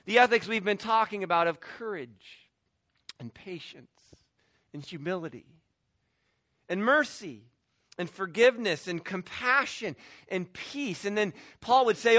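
A man's voice: high-pitched, lively intonation, unhurried, long pauses, sharp tone, no room sound, studio quality. A man preaching a sermon as pastor, emphatic, with restarts and quoted asides.

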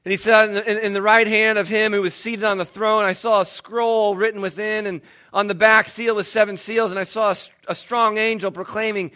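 A man preaching a sermon, animated, swinging between loud declarations and hushed asides, with short laughs and restarts. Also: sits high, fairly quick, few pauses. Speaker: pastor.

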